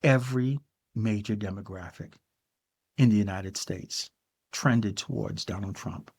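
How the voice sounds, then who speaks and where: A man's voice: on the low side, unhurried, darkish tone, slightly rough. An older man hosting a podcast, giving solo political commentary in an emphatic way and addressing the listener directly with frequent "okay"s. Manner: emphatic, talks straight to the viewer with frequent "okay"s. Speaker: podcast host.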